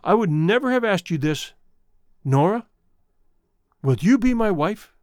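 Storybook reading: man doing an ardent, idealistic young suitor, lively swooping delivery, dry sound. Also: high voice, a little slow, dry recording, pitched above the performer's own voice.

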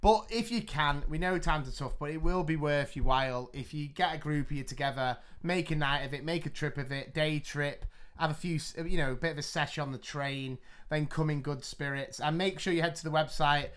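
A man co-hosting a casual podcast, with a bright, forceful voice pitched a bit high. He tells stories with lively energy and laughs easily. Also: brisk, smooth. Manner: animated storyteller, laughs while telling. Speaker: podcast co-host. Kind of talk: casual storytelling chat.

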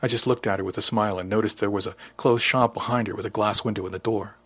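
Low husky male audiobook narrator. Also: steady tone, fast talker, a bit bright, no echo. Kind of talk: scripted first-person narration.

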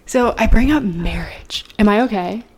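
A woman's voice: medium pitch, moderate pace, husky. A young woman co-hosting a podcast, telling a story in casual chat, rambling and swearing freely. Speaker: podcast co-host.

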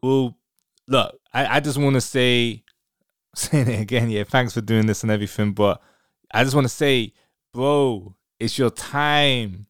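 A man's voice: medium pitch, a little slow, fairly bright tone, clean tone, no echo, clean studio sound. A man hosting a podcast, talking casually and enthusiastically with a guest. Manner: enthusiastic, effusive. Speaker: podcast host. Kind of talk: casual interview.

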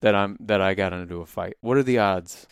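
Smooth-voiced man in his thirties. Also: deep voice, a little fast, no echo, studio quality. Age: 30s. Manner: relaxed, jokey, short reactions. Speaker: podcast co-host. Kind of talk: casual chat.

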